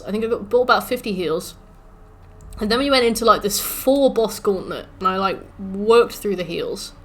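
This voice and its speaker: A woman's voice: mid-range voice, sharp tone. A young woman streaming a game, chatting casually and ranting with swearing as she mimics the game's taunts. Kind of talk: casual livestream chat while gaming.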